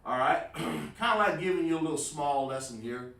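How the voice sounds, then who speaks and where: A man's voice: fairly high pitch, lively intonation, moderate pace, creaky, a bit bright. A man teaching a casual, informal live-streamed language lesson at a board and calling on viewers by name. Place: room with a writing board. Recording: roomy sound, mic far from the speaker.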